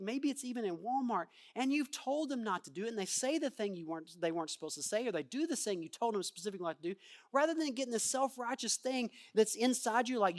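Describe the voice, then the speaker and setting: A man preaching a sermon in a church. He acts out quoted voices and swings from loud outbursts to quiet asides. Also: extremely high pitch. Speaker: pastor.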